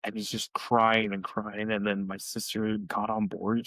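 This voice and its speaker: Gravelly-voiced man telling stories casually. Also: level tone, normal speed, few pauses, sharp tone, dry recording, low-quality recording. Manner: storytelling, acts out quotes in high voices. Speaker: podcast co-host. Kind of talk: casual chat.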